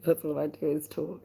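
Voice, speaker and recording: A woman's voice: deep voice, gravelly, mellow, slightly rough. An Australian woman hosting a late-night live stream, chatting casually with viewers, rambling and laughing often. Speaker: livestream host.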